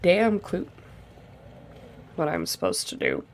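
A woman's voice: low voice, wildly swooping pitch, slow pace, a little hiss or hum. A young woman giving sarcastic let's-play commentary, talking to herself as she plays and swearing freely. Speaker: gaming streamer.

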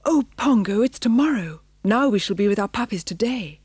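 A woman voicing a bright, eager young mother dalmatian in an audiobook. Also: fairly low pitch, expressive, brisk, no echo.

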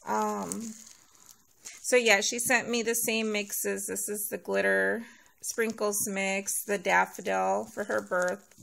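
A woman vlogger unboxing a package, sweet and gushing and thankful, sounding sleepy and a little hoarse. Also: medium pitch, level tone, slow, fairly bright tone. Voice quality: gravelly vocal fry. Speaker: nail vlogger opening a giveaway package. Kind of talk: casual unboxing chat.

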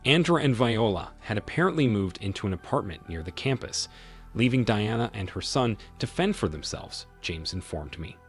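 A man narrating a scripted first-person story in a measured, expressive reading. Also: lowish voice, faint music behind.

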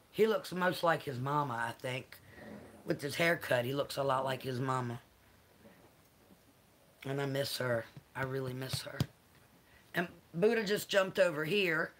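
A woman's voice: fairly low pitch, a bit bright, slight background noise. A Southern woman chatting casually on her livestream, greeting viewers by name and cooing to her dogs; she says she is a little tired. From American South. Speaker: livestream host.

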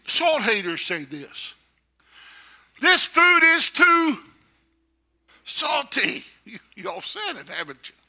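A man's voice: high voice, pushed and bright. A man preaching a sermon to his congregation, folksy, with joking asides. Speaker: pastor.

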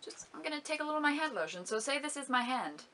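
A woman's voice: high-pitched, lively intonation, fast talker, pushed and bright. A young woman vlogger chatting casually about beauty products, giggling often and complaining dramatically. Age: young adult. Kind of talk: casual product review vlog.

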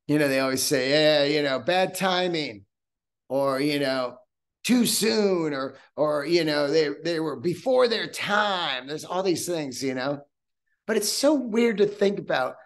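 A middle-aged man hosting a podcast, telling a rambling, profane story in a casual, animated way. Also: on the high side. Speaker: podcast host.

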